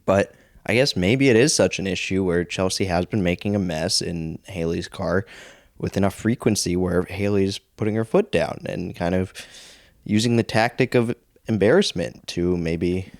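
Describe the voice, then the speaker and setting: Low-voiced man, dry close sound. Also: no room sound. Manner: measured, hedging with "I mean" and "I think". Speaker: podcast co-host. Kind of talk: casual podcast chat.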